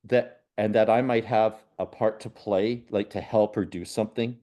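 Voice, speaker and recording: A man, a spiritual medium and podcast guest, telling personal stories in an earnest, unhurried way. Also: on the low side, steady tone. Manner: earnest, unhurried, with soft laughs and restarts. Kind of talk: reflective personal storytelling in a podcast conversation.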